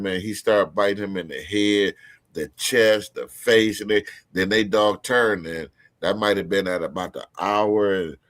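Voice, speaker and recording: Low-voiced man rambling through a story. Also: a bit bright, no echo. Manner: rambling, profane, restarts mid-sentence. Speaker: guest storyteller. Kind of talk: casual podcast storytelling.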